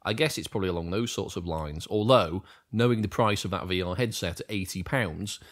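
A man's voice: low-pitched, brisk. A man co-hosting a gaming podcast, joking and telling stories in casual chat. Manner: animated, jokey, mild swearing. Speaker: podcast co-host. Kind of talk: casual chat about tabletop games.

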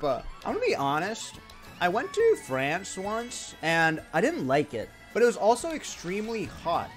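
An excitable young man from India chats with his stream viewers while he plays. His voice sits high and swings widely, jumping from bursts of shouting to mutters. He jokes and swears freely. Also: a little slow, soft background music. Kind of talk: casual livestream chat.

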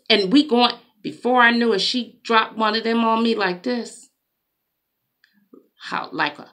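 Woman preacher, slow deliberate delivery, bright, emphatic, talks straight to her listeners. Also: mid-range voice, vocal fry. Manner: slow, emphatic, conversational preaching with dramatic asides. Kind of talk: preaching monologue.

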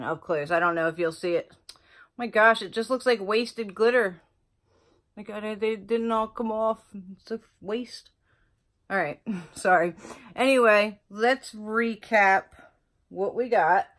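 A woman beauty vlogger chatting casually through an unboxing, gushing and exclaiming over the products. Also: medium pitch. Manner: gushing, excitable, lots of exclamations.

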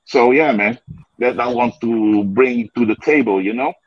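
Husky man preaching over dull audio. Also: medium pitch, normal speed, no echo. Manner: preachy, peppered with "man" and "you know". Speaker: participant in a scripture study session. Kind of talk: casual religious discussion.

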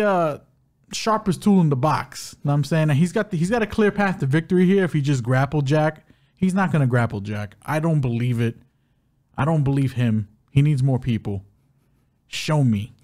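This man's voice is a little high, at a normal pace, as he co-hosts a laid-back betting podcast. He chats loosely and animatedly, heavy on slang.

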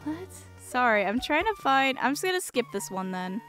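A woman's voice: high-pitched, big pitch swings, normal speed, a bit bright, faint music behind. A woman streamer reading a fan fiction aloud, breaking off for dry, mocking asides. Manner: dry, mocking asides between read passages.

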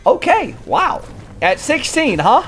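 A man streaming a video game, talking in crude, mock-aggressive trash talk that bursts into shouting. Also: extremely high pitch, very animated, slow, faint music behind. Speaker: gaming streamer.

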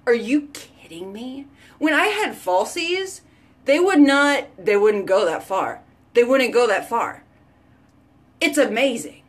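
A woman hosting an excited sales chat for viewers, gushing and repeating phrases for emphasis with breathless exclamations. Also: fairly high pitch, slow. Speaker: host selling beauty products.

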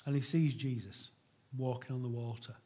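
A man's voice: medium pitch, steady tone, moderate pace, mellow, slightly rough. A middle-aged man preaching a sermon to his church in an earnest, conversational way, often restarting his sentences.

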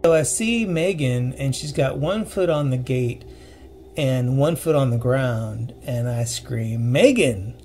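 A man telling a personal ghost story in a casual, earnest way, pausing and restarting as he recalls the details. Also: mid-range voice, a little mellow, slight background noise. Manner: earnest, halting retelling with restarts and vivid detail.

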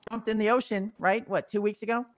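Frantic, fast-talking man pleading. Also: high-pitched, steady tone, no room sound. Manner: frantic, pleading, swearing constantly. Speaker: roleplay character Stevie. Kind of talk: heated improvised roleplay.

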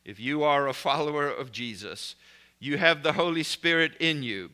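A man's voice: fairly high pitch, animated, moderate pace, pushed and bright, clear, resonant tone. A man preaching a recorded sermon in an emphatic, declarative way, speaking blessings and prayers over his listeners.

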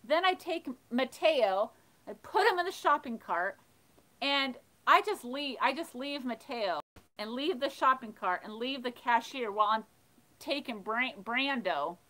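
A woman hosting a livestream, casually telling funny stories and reading chat, animated and laughing. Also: sits high, unhurried, poor audio. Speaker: livestream host of a thrifting channel. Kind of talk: casual storytelling while reading live chat.

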